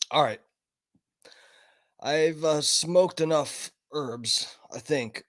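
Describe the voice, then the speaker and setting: A man chatting on his livestream in a home studio, loose and profane, often mocking himself. His voice sits a little on the high side, and he now and then breaks into coughs from smoking. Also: slow, fairly bright tone. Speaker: streamer host. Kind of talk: casual livestream chat.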